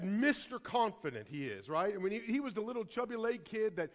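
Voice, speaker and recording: Pastor, male, middle-aged, high voice; impassioned sermon storytelling that moves between urgent and hushed. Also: expressive, moderate pace. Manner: impassioned, swings from loud urgency to hushed reflection.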